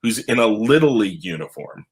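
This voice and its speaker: A man, a comic book writer, telling stories in an animated podcast conversation and acting out the voices of the people in them. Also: brisk, husky. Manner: animated, acts out quoted voices with big pitch jumps. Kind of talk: animated storytelling in a podcast interview.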